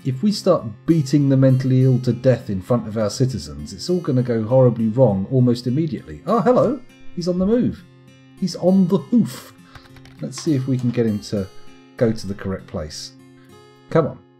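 Man, live game commentary, wry, muttering, animated intonation. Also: mid-range voice, moderate pace, faint music behind. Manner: wry, muttering to himself while playing. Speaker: gaming streamer.

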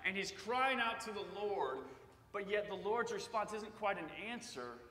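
A man preaching in a church sanctuary, his voice high and bright. He talks conversationally, then builds to loud cries on the passages he quotes. The sound rings with a long, echoey church reverb. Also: animated, measured pace, distant mic. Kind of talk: sermon.

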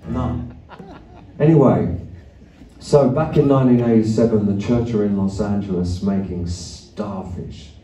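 Older aussie bloke rambling wry stories on stage, swears a lot, mellow voice, echoey hall, mic kinda far. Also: male voice, fairly low pitch, unhurried, faint music behind. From Australia. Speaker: musician on stage. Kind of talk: stage banter between songs. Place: arts centre concert hall. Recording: echoey venue from a distant mic.

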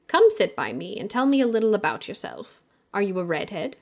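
A woman voicing a gentle elderly grandmother in an audiobook. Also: mid-range voice, very animated, brisk. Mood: warm.

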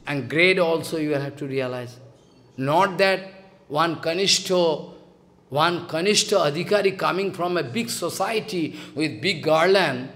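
Emphatic high-voiced man with gravelly edge. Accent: Bengali. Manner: emphatic, scolding, repeats phrases, acts out quotes. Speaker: spiritual teacher. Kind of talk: devotional sermon.

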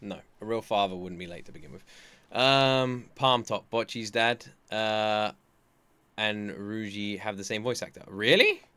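Rambling streamer in his thirties; lowish, bright, dry close mic. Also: clear, resonant tone, no echo. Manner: rambling, chatty storytelling with many restarts. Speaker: anime reaction streamer. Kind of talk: casual chat.

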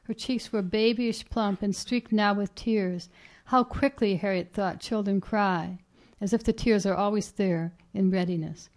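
A woman author reading her own short story aloud in a measured, even way at a reading event. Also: mid-range voice. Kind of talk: literary reading. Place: reading event at a writers' house.

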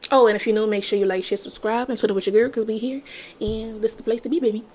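Woman, YouTube host, casual chat, slangy, giggly, slightly high voice. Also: fairly even intonation, fast, darkish tone. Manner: playful, laughs often, slangy. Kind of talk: casual reaction-video chat.

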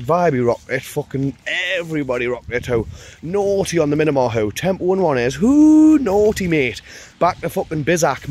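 A young man ranting excitedly in a casual vlog, swearing nonstop and full of slang. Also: mid-range voice, a little hiss or hum. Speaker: vlogger. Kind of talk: rowdy casual vlog rant.

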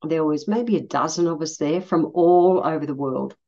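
A middle-aged Australian woman telling a personal story in a casual, blunt way, swearing freely and getting animated when she quotes people. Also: deep voice, normal speed, highs cut off. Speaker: podcast host.

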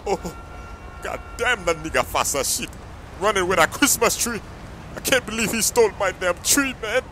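A man voicing a bewildered young man who complains loudly and whines after being robbed, in a comedy skit. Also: high voice, animated, normal speed, faint music behind. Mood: disbelieving. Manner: loud, disbelieving, whiny.

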